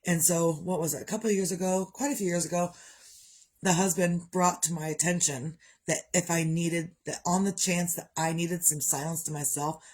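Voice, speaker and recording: A woman's voice: deep voice, darkish tone. Frank, rambling woman with a cough. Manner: frank and rambling, with frequent swearing. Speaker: vlogger. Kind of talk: candid personal monologue.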